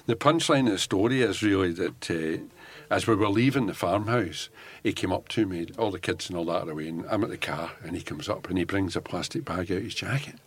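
An older Scottish man, a former undercover police officer, telling animated stories in an interview and laughing often as he acts out what people said. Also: sits low, fairly quick, hardly any pauses. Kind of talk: anecdotal storytelling in an interview.

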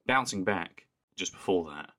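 Deep-voiced amused male podcast co-host. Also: expressive, a little slow, bright, forceful tone. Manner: rambling, amused, laughs often. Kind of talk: casual chat.

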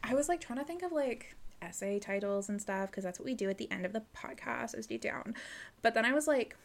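A young woman co-hosting a podcast in casual chat, animated and full of "like", acting out quotes. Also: fairly high pitch, brisk, gravelly. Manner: animated, heavy use of "like", acts out quotes. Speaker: podcast co-host.

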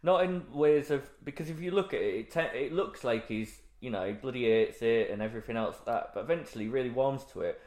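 A man's voice: mid-range voice, fast talker, few pauses, darkish tone. A man chatting casually as a podcast co-host, rambling and slipping into silly voices to quote films. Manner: rambling, quoting film lines in silly voices. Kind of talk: casual chat. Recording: roomy echoey room.

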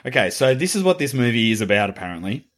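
A man co-hosting a horror podcast tells stories animatedly. His pitch swings widely as he acts out what people said. The tone is relaxed banter among friends. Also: fast. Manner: animated storyteller, acts out quotes. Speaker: podcast co-host. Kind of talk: casual chat.

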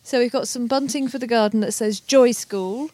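A woman talking outdoors in a garden, gently prompting a child with questions during a casual family podcast chat. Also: on the high side, normal speed, no echo. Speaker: mother, homeschooling parent.

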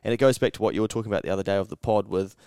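A man's voice: lowish voice, fairly even intonation, rapid-fire, darkish tone, smooth, no room sound, clean studio sound. A young man with a New Zealand accent, co-hosting a podcast and telling a story in casual chat, swearing often and acting out his own thoughts. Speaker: podcast co-host.

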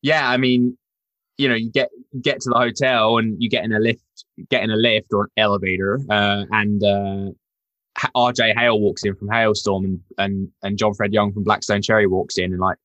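Male drummer, lowish voice, animated storyteller, dry close sound. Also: normal speed, no room sound, lo-fi sound. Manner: animated storyteller, swears freely, acts out quotes. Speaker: touring rock drummer, guest. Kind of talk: casual interview chat.

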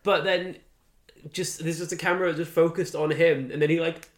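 A man co-hosting a podcast, retelling stories in a rambling, animated casual chat. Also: a little high, moderate pace. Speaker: podcast co-host. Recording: echoey room.

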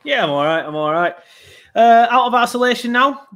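A man's voice: very high voice, expressive, brisk, a bit bright, dull audio. A man hosting a football podcast, talking casually and rambling with plenty of fillers. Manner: chatty, rambling, lots of fillers. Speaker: podcast host.

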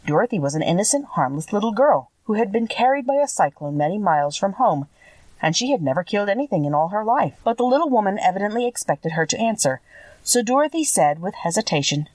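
Expressive woman storybook narrator. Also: mid-range voice, quick pace, no room sound, distant mic, poor audio. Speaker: audiobook reader.

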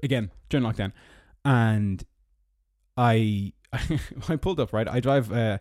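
A man's voice: a little slow, a little mellow, no echo, studio quality. A young man with an Irish accent, hosting a podcast alone from his car and rambling through stories with sarcastic asides. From Ireland. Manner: rambling storyteller, sarcastic, mock-squeaky when mocking. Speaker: podcast host. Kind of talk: casual solo podcast monologue. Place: parked car.

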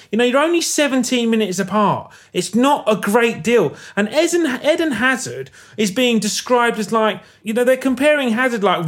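Brief: high-pitched bloke, blunt, sweary football pundit type. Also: male voice. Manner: blunt, sweary, number-heavy opinions. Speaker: football podcast co-host. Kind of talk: casual football chat.

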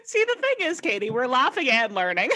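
A playful woman co-hosts a casual podcast, laughing her way through quiz questions. Her voice sits high and leaps widely in pitch. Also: huge pitch swings, a little fast, bright, forceful tone. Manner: giggly, playful, laughs a lot. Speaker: podcast co-host.

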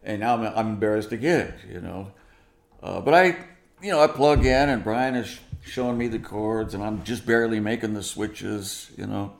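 A man with a gravelly, creaky voice, telling a story in an animated way and acting out what people said. He sounds like he is in a roomy space with some echo. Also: fairly low pitch, moderate pace. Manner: animated, acts out quoted dialogue. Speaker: guest musician. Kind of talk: storytelling interview.

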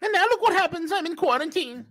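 A man putting on a high, sneering parody voice of a whiny, self-pitying vaccinated man. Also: lively intonation, quick pace, pushed and bright, exaggerated voice, rough recording. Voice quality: high mocking falsetto.

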